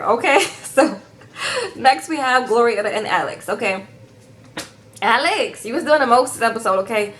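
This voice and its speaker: A woman with a fairly high, slightly bright voice and lively intonation recaps a reality show at a moderate pace, with a little hiss or hum in the audio. She's sassy and chatty, ending sentences with "okay?" and calling viewers "girl."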